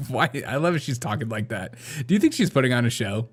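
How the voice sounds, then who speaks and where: A man's voice: mid-range voice, sing-song, moderate pace, very noisy. A man co-hosting a comedy show, mocking video clips with frequent laughter. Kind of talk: casual commentary on video clips.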